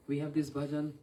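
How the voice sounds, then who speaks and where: Spiritual teacher, heard from afar. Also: male voice, fairly high pitch, warm tone. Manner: questions the listeners often, with throat-clearing. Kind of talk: evening question-and-answer talk. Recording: voice from far off the mic.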